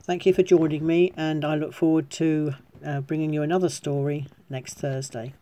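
Calm, mellow woman church reader. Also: low-pitched. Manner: calm, measured, gentle. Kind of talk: scripted Bible story and prayer.

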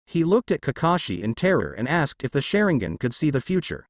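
A man narrating a fanfiction story in a steady storytelling read. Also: fairly high pitch, brisk, no echo. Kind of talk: fanfiction reading.

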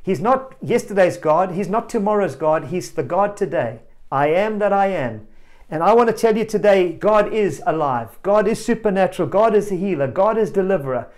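High-voiced animated male preacher. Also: normal speed. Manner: animated storyteller, rising to loud exclamations; speaks directly to children and parents. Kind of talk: family sermon.

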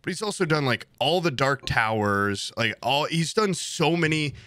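A man's voice: fairly high pitch, lively intonation, moderate pace, sharp tone, no room sound, clean studio sound. A man co-hosting a podcast, rambling in casual, profane chat about art he loves. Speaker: podcast co-host.

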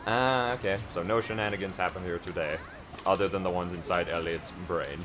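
A man's voice: low-pitched, fairly even intonation, a little fast. A young man casually bantering and joking while playing a video game with a friend, laughing often. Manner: jokey, laughs often, teasing. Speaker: let's play co-host. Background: video game music.

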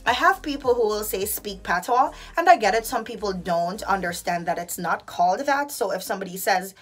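A young Jamaican woman with a Jamaican accent, vlogging from her bathroom and ranting about pet peeves in an animated, exasperated way. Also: mid-range voice, a little fast, faint music behind. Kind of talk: casual vlog chat. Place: bathroom at home.

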